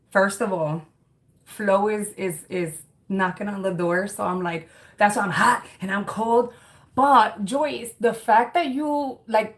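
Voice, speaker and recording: A woman in her thirties hosting a livestream, chatting candidly and reading viewer comments, rambling with many fillers and restarts. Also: medium pitch. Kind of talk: casual chat.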